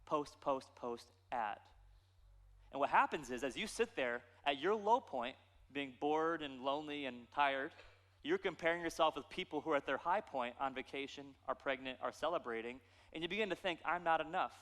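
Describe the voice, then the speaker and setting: A man's voice: a little high, moderate pace. Pastor guy preaching, playful storytelling, lots of echo from the church hall. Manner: animated storytelling with playful asides. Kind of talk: sermon.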